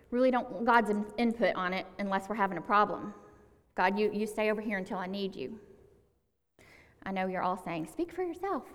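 A woman preaching a sermon in an earnest, conversational way, slowing down to stress key words. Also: medium pitch. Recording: long hall reverb.

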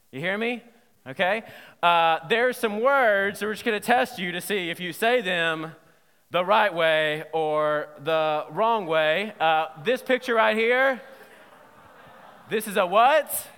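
A man preaching a sermon in a playful, lively way, quizzing his audience as he goes. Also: sits high, slow, smooth, big-room sound. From Southern United States. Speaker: pastor.

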